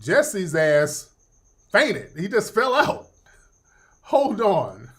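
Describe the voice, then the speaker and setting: A man's voice: high-pitched, huge pitch swings, extremely slow, fairly bright tone. A middle-aged man hosting a casual livestream commentary, profane and joking, laughing often. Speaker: host.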